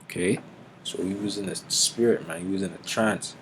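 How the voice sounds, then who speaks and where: A man giving an informal Bible teaching, mixing street slang and swearing with slow, deliberate scripture reading. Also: deep voice, a bit bright, slight background noise, rough recording.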